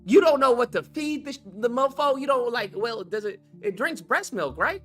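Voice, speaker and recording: A young man talking casually to his viewers as host, telling stories in an excitable, profane way. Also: very high voice, moderate pace, soft background music. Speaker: streamer host.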